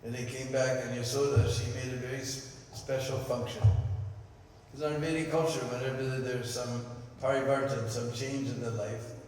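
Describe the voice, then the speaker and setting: A man giving a devotional storytelling talk at a temple, often checking in with listeners with a quick "hmm?". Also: medium pitch, steady tone, darkish tone, a little hiss or hum. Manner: keeps asking the audience "hmm?" and "huh?". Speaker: temple class speaker. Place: temple hall. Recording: echoey hall with the mic far off.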